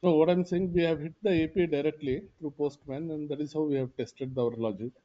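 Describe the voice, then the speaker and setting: A man answering questions as a student in an online class, in brief, soft-spoken replies over a video call. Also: on the high side, fairly even intonation, brisk. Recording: muffled distant call audio.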